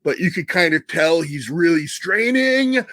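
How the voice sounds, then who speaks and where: A man hosting a casual movie podcast, retelling scenes with a laugh and quick put-on voices. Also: a little high, lively intonation, fairly bright tone, no room sound, studio quality. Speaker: podcast host.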